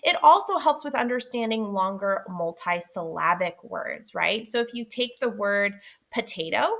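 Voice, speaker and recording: Bright-voiced woman teaching phonics. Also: mid-range voice. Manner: clear, deliberate, stretches out vowel sounds. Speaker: literacy teacher. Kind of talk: instructional explainer.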